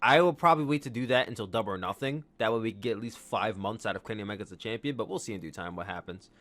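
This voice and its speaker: A man hosting a podcast, recapping in a casual, excitable, rambling way and acting out quotes. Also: lowish voice, rapid-fire. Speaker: podcast host.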